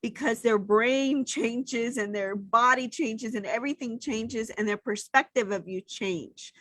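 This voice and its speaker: A woman's voice: fairly high pitch, a little slow, a bit bright, no room sound. A middle-aged woman co-hosting a casual chat, speaking in a heartfelt, reflective way. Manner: heartfelt and reflective, gets emotional. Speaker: podcast co-host.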